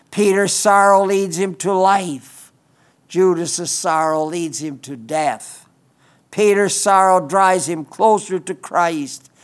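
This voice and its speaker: A man preaching a sermon in an earnest way, often repeating phrases for emphasis. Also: fairly high pitch.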